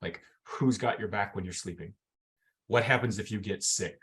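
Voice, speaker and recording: Casual, animated male coach on a call. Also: lowish voice, moderate pace. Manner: casual and animated, acts out inner voices, many fillers. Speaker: mental fitness coach. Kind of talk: teaching a workshop session on a video call.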